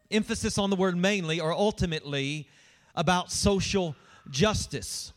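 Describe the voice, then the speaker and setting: High-pitched guy preaching, reads the bible passage then hammers his points home, church sermon. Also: brisk. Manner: emphatic preaching, reads scripture aloud to the congregation. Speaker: pastor.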